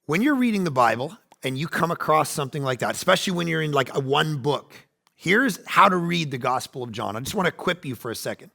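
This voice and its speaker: Gravelly, bright-voiced male pastor preaching. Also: fairly high pitch, fast. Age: 40s. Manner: animated, acts out quoted voices, swings between loud and hushed. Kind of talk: sermon.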